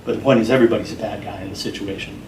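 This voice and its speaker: A man being interviewed, speaking in an earnest, measured and heartfelt way. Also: on the low side, steady tone, a little mellow, far from the mic, a little hiss or hum. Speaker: interview guest. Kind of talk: earnest, reflective interview talk. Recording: roomy sound from off-mic, faint music behind.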